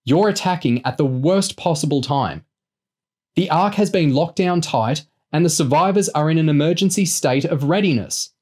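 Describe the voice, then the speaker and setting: A man voicing an exasperated woman intelligence officer who shouts her warnings insistently, in an audiobook reading. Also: mid-range voice, lively intonation, moderate pace, voice pushed up, close to an everyday voice. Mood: exasperated shouting.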